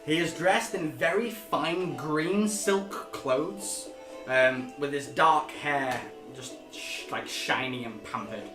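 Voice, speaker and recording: A man's voice: fairly high pitch, takes it slowly. A man running a tabletop game as game master, narrating in a rambling way with frequent fillers. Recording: roomy, with music behind.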